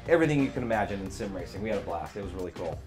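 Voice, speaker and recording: A man's voice: lowish voice, animated, very fast, a little mellow, faint music behind. A man co-hosting a sim racing show, chatting in an easygoing, enthusiastic way with loose fillers. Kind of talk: casual chat.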